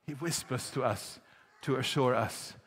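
Preaching in a large church hall, a pastor moves from easy, laugh-dotted storytelling to forceful exhortation. His mid-range voice is slightly rough and a little slow.

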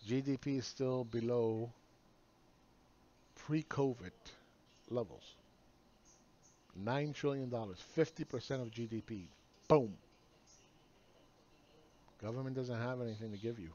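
A man's voice: mid-range voice, measured pace, pauses often, warm tone, dull audio. A man ranting sarcastically in a solo video monologue, mocking the people he argues against. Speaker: market commentator.

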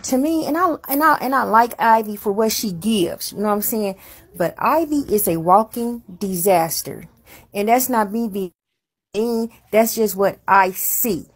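A woman's voice: mid-range voice, unhurried, slightly rough. A woman hosting a show, giving frank, blunt advice in casual chat with some cursing.

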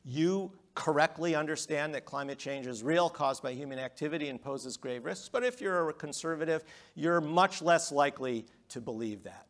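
A middle-aged man giving a public lecture, emphatic, with rhetorical questions and swings between loud and quiet. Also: a little high, moderate pace. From United States.

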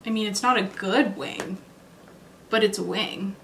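A woman's voice: medium pitch, a little slow, vocal fry, fairly bright tone, slight background noise. A woman beauty vlogger chatting casually and thinking aloud as she tries out new makeup on camera. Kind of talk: casual makeup tutorial chat.

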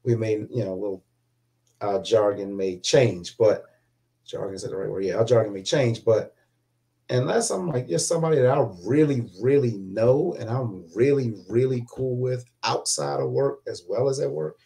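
A man chatting as a guest, explaining his view in a measured way. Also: mid-range voice, gravelly, dark tone. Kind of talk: casual opinion chat.

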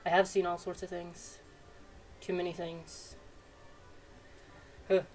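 A woman's voice: lowish voice, little pitch movement, slow pace, a little mellow, soft background music. A woman hosting a let's-play, commenting in a playful, chatty way. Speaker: gaming channel host. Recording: distant mic, faint noise.

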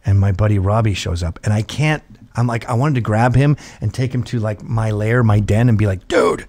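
A middle-aged man hosting a show, telling a story in casual comedic chat, profane and animated, slipping into high squealing voices to mimic others. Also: fairly quick. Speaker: show host.

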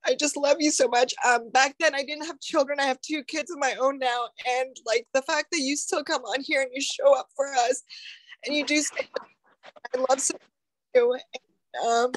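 A high-pitched woman in her thirties speaking into a video call, close and dry. Her thanks come earnest and emotional, with halting pauses between her thoughts. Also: fairly even intonation, no echo. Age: 30s. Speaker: caller on a group call. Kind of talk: heartfelt thank-you.

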